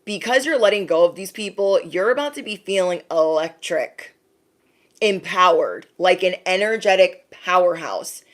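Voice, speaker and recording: A woman's voice: on the low side, animated, normal speed. Woman doing a tarot reading to cam, chatty bestie vibe, does little silly voices for quotes. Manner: chatty, calls the viewer bestie; slips into exaggerated quoted voices. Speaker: tarot card reader. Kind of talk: spiritual tarot reading to camera.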